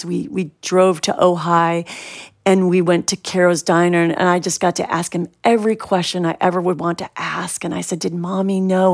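A woman's voice: on the low side, no echo, clean studio sound. A woman guest in an interview, telling a personal story and acting out quoted lines with whispers and shifts of voice.

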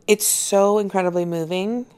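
A woman's voice: medium pitch, fairly even intonation, moderate pace, darkish tone, clean tone. A woman, an actress and author, talking earnestly and from the heart as an interview guest. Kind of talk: casual interview conversation.

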